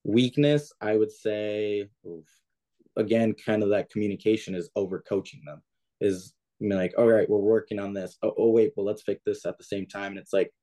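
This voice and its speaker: A man's voice: lowish voice, warm tone. A young man, a diving coach, talking casually as a podcast guest, plain-spoken with lots of "like" and "kinda". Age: young adult. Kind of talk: podcast interview.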